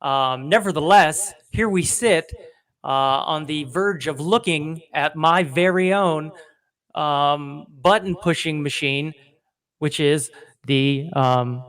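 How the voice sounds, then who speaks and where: A man's voice: on the high side, slow pace, a bit bright. Rambling self-deprecating comedy podcast man. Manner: self-deprecating, rambling, acts out voices in anecdotes. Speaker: podcast co-host.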